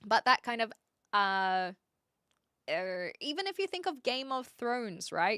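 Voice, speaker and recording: A woman's voice: on the high side, big pitch swings, slow pace, bright, forceful tone, smooth, no room sound, clean studio sound. A woman with an English accent, a streamer chatting casually and rambling as she answers questions from her live chat.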